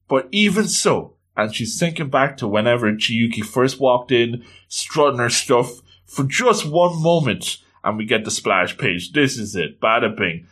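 A man recapping a comic book chapter as host, telling it like an animated storyteller with playful catchphrases. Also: mid-range voice, unhurried, hardly any pauses, breathy edge.

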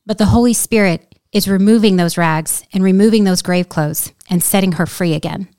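A woman's voice: mid-range voice, moderate pace, a little mellow, dry recording. Earnest woman telling a story. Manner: earnest, storytelling, preacher-like emphasis. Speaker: guest. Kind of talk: casual conversation, testimony.

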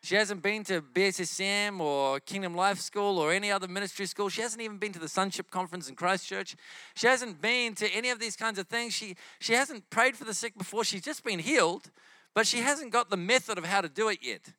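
Bright-voiced New Zealand preacher man. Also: high voice, brisk, dry recording. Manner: lively storyteller acting out quoted dialogue. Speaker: guest preacher. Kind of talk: sermon with testimony stories.

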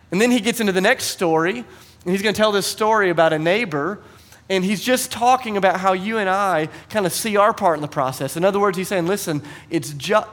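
A man in his thirties preaching a sermon, telling stories and acting out voices in a conversational, animated way. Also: sits high. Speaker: pastor. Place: church.

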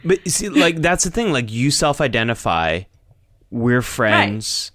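A man's voice: mid-range voice, very animated, unhurried, a bit bright, dry recording, studio quality. A man co-hosting a podcast, talking casually and animatedly and often repeating words as he thinks. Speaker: podcast co-host. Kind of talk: casual chat.

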